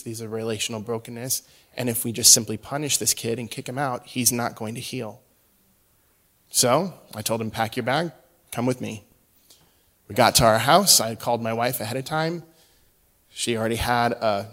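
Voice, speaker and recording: A middle-aged pastor with a mid-range voice preaches a sermon, telling a story while swinging between hushed and loud delivery.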